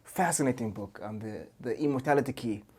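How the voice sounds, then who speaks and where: A young man, a musician guest on a podcast, telling stories in a loose, excitable way, full of slang and swearing. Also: mid-range voice, a little fast, husky. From Cape Town, South Africa. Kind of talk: casual chat.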